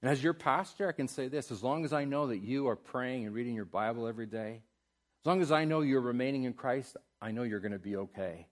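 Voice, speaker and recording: Middle-aged guy pastor preaching, mid-pitched voice, goes loud and fiery then soft and prayerful. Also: fast talker. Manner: emphatic preaching, swinging from loud exhortation to soft, tender prayer. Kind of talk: sermon.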